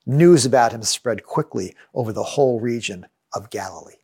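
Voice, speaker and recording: A man preaching a sermon as a pastor, measured and earnest, reading passages aloud. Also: mid-range voice, lively intonation, a little mellow, slightly rough.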